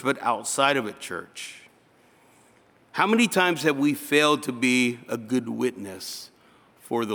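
A man's voice: medium pitch, fairly bright tone. Pastor guy preaching, chatty, slips into little skits, long hall reverb. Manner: conversational, acts out little dialogues. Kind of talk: sermon.

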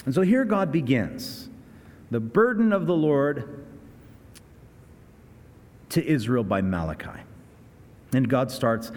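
A man's voice: mid-range voice, expressive, unhurried, pauses often, a little mellow, big-room sound. A man preaching a sermon, earnest and conversational, often restarting his sentences. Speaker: pastor.

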